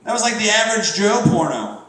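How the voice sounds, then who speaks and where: A middle-aged man performing a crude stand-up comedy set, jumping into shouted high-pitched impressions. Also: very animated, a little fast, distant mic. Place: comedy club stage. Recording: very echoey room from afar, faint noise.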